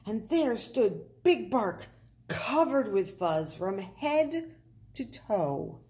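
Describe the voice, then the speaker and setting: Very slow, expressive woman reading a children's book. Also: mid-range voice. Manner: slow, expressive, playful wordplay. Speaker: storyteller. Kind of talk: children's picture book read-aloud.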